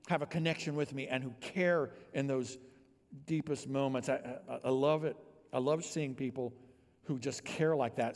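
A male pastor preaching a sermon, swinging from hushed, near-whispered passages to loud, emphatic ones. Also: fairly high pitch, big-room sound.

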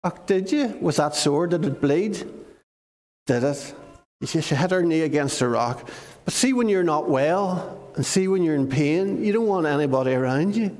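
A man giving a lively storytelling sermon to children in church, often asking his listeners questions. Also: on the high side, moderate pace. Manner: animated, asks the listeners questions. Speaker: preacher giving a children's talk. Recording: long reverb of a large hall.

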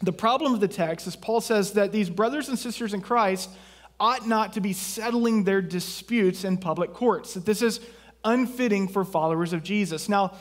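A man's voice: high voice, normal speed. A man from southeast Texas preaching a sermon as pastor, in a conversational way with jokes and asides.

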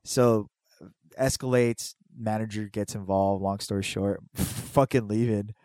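A man's voice: on the low side, fairly even intonation, unhurried, dark tone, no echo, studio quality. Casual, swearing male storyteller. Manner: rambling, profane storytelling with many restarts; acts out quoted people in a raised voice. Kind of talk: casual chat.

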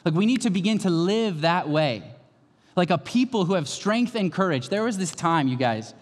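A man delivers an emphatic, conversational sermon from the pulpit, his voice sitting a little higher than most men's. Long reverb from a large hall trails after each phrase. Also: animated, moderate pace. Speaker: pastor.

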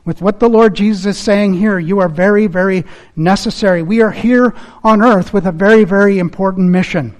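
A man's voice: high-pitched, a little fast, a little mellow. A man preaching a sermon in an earnest, emphatic manner, repeating key phrases, and closing in prayer. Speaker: pastor.

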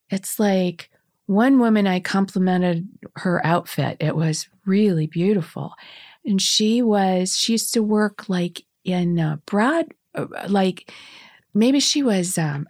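A woman's voice: lowish voice, a little mellow, no room sound, studio quality. A woman in her sixties telling stories as a guest in casual conversation, chatty and laughing often, with many restarts. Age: 60s.

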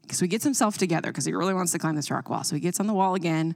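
A woman in her thirties telling a funny parenting story in casual chat, lively and expressive. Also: very fast, vocal fry, hardly any pauses. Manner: animated storyteller, quotes herself with higher voice. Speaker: parent and co-host.

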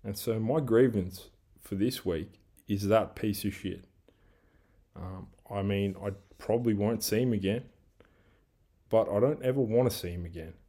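An Australian podcast host goes on an angry solo rant with heavy swearing and rambling asides, in a lowish, mellow voice at a measured pace. He describes himself as a big guy who coaches team training.

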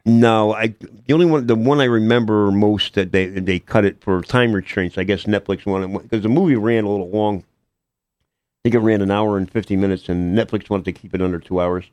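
An older man, an actor guest in a casual radio interview, talking haltingly with lots of fillers and restarts. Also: on the low side, darkish tone, no room sound.

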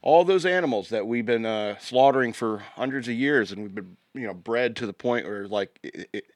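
Casting: male podcast co-host, mid-pitched, rambling and jokey, dry close-mic sound. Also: moderate pace, no echo. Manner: rambling, jokey, trails off and restarts. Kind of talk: casual banter.

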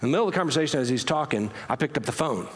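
A man's voice: medium pitch, expressive, rapid-fire, long reverb tail. A man preaching a storytelling sermon as pastor, talking conversationally and often correcting himself mid-sentence.

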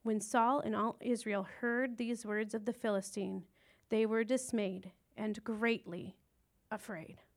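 A woman's voice: mid-range voice, fairly even intonation, a little slow. A woman teaching a casual Bible lesson, retelling a story in a chatty, informal way with slang asides.

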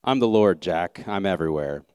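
A man playing God in a story, calm, patient, unhurried, a touch lower than his own voice, smooth and close. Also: dry recording. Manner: slow, steady and reassuring.

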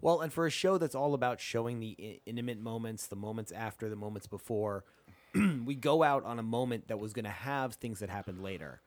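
A man's voice: on the low side, a little fast, no room sound. A man co-hosting a podcast, rambling in casual chat with many fillers. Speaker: podcast co-host.

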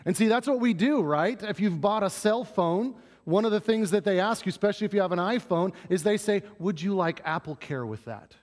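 A middle-aged man preaching a sermon with a slightly high voice. He talks in a relaxed, storytelling way and pokes fun at himself. The sound carries a long reverb from a big, echoey church room. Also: fairly quick. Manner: conversational storytelling with self-deprecating humor. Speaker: pastor. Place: church sanctuary.

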